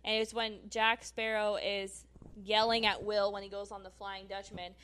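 A woman's voice: mid-range voice, normal speed, clean tone. A woman in casual conversation, recapping a movie with friends, giggling as she tells stories. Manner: giggly, animated storytelling.

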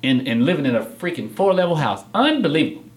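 A man's voice: quick pace, husky. A young adult man, a podcast guest, talking candidly and acting out the people he quotes in a studio interview. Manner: animated storyteller, acts out quotes with big pitch jumps.

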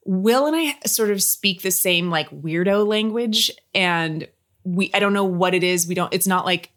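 A woman's voice: medium pitch, moderate pace, a bit bright. A woman talking casually as an interview guest, gushing and restarting her sentences often. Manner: chatty, gushing, many restarts and fillers. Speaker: actress and guest. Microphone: podcast microphone.

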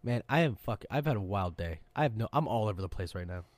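A man hosting a podcast, telling loud, profane stories in a casual chat. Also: fairly low pitch, fast, no room sound. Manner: loud, profane, animated storyteller. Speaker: podcast host, serving sailor.

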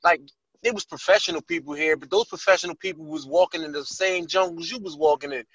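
Co-host, man. High, bright, husky and emphatic; muffled lo-fi recording. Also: lively intonation, quick pace, dry recording. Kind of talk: casual interview chat. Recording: dull lo-fi sound.

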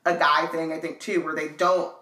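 A woman's voice: sits low, flat delivery, normal speed, sharp tone, roomy sound. A woman co-hosting a book read-along, chatting thoughtfully with lots of fillers. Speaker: co-host.

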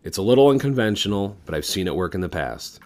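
A man telling a joke voices a doctor giving odd advice in a calm, matter-of-fact tone. The voice stays deep and close to his own. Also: fast.

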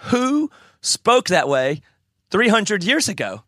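A man's voice: high voice, very animated, slow, a bit bright, no room sound, studio quality. A man with a South Carolina Southern accent, ranting in casual chat on a podcast. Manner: opinionated, ranting. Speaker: podcast guest.

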